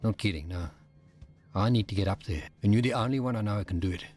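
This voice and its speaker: A man's voice: on the low side, fast talker, a little mellow, faint music behind, natural voice. A man voicing an earnest grieving younger brother. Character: determined grieving younger brother in a leg brace.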